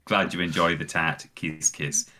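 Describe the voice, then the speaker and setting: A British man with a very low voice and a sharp, bright edge to it. He reads out donation messages in a relaxed, easygoing manner on a charity stream. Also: unhurried. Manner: reads donation messages aloud, laid-back. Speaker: stream co-host. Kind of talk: casual charity stream chat.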